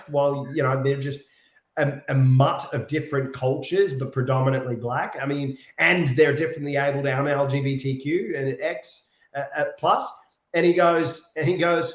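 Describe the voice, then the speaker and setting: A man, a pop singer being interviewed, telling stories in an animated, casual way and repeating words while he thinks. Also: medium pitch, normal speed. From Australia. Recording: echoey room.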